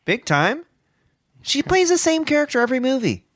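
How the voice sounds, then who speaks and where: A man's voice: very high voice, very animated, moderate pace, a bit bright, no room sound, studio quality. A man co-hosting a comedy podcast, teasing and needling his co-host in mock-provocative banter.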